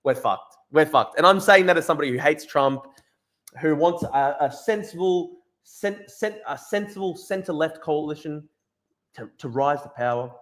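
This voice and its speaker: A man's voice: on the high side, fairly bright tone. A young man hosting a casual livestream, reading chat and article lines, blunt and profane, often repeating himself. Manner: blunt, swearing, quick asides; repeats phrases, restarts. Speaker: livestream host.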